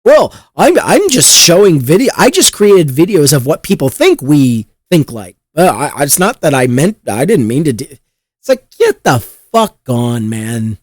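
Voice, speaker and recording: A man's voice: a little high, sing-song, measured pace, dry recording. A man doing a dim-witted police officer with an exaggerated Kentucky drawl, stumbling over his words and rambling defensively. The voice swoops up and down, and the room sounds dry and close. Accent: put-on Kentucky accent.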